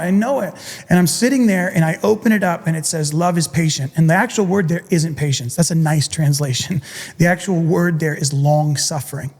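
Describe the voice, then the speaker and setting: A man's voice: a little high, a little mellow, long reverb tail. A middle-aged man, a podcast guest and coach, telling a personal story intensely and earnestly. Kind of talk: candid interview talk.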